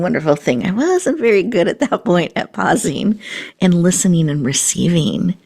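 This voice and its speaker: A woman hosting a show and guiding listeners through a slow breathing meditation, often softening into a breathy half-whisper. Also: on the low side. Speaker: host.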